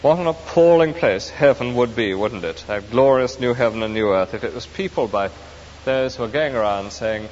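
Speaking at normal speed in a medium-pitched voice, a man preaches earnestly and emphatically, unpacking scripture for his congregation. Faint hiss and a dull, echoey hall sound mark the recording.

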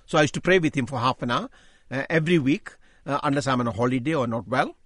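An older man giving an emphatic sermon-style testimony, repeating key phrases, his voice rising as he gets excited. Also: mid-range voice, fast, no room sound, clean studio sound. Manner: voice rises when speaking with excitement. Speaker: Christian speaker giving testimony.

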